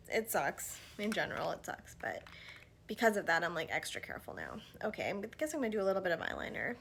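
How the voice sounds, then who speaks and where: A vlogger in her thirties chats casually to the camera while doing her makeup indoors at home, a get-ready-with-me talk full of fillers and soft murmured asides. Her mid-range voice sounds a little out of breath because she's pregnant, and the background is noisy.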